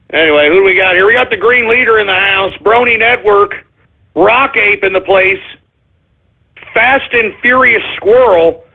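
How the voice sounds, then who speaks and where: A man hosting a live radio show, reading listener shout-outs and ranting at them in exasperation, often yelling at them to shut up. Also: high voice, normal speed, vocal fry. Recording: tinny phone-like lo-fi audio.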